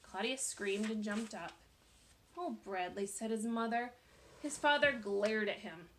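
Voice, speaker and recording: A woman reading a children's novel aloud in a lively, expressive way. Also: a little high, unhurried, a little hiss or hum. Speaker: narrator.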